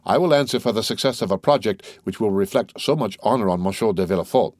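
Man voicing an urbane count, low and measured, dry sound. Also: lively intonation, a little mellow, no echo. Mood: courteous. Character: urbane, composed middle-aged count, quietly commanding.

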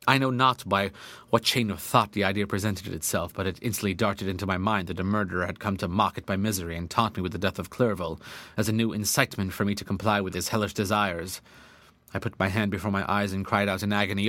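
Low-voiced man narrating a classic novel. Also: quick pace, fairly bright tone, no room sound. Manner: earnest, dramatic, old-fashioned diction. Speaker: audiobook narrator.

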